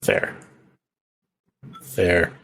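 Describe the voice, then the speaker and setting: A man's voice: drawn-out words, a bit bright, no echo. A man co-hosting a podcast, chatting casually about a movie with dry quips and short agreements. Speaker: podcast co-host. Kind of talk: casual movie review chat.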